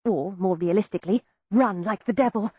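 A woman reading a first-person audiobook in an expressive, wry storytelling manner. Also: medium pitch, fairly quick, husky, no echo, studio quality. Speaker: audiobook narrator. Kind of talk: scripted first-person narration.

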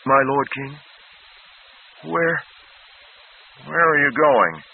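Frantic young prince, voiced by a man, raised strained pitch, husky, tinny phone-like sound. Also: big pitch swings, measured pace. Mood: panicked. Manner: panicked, pleading, near screaming.

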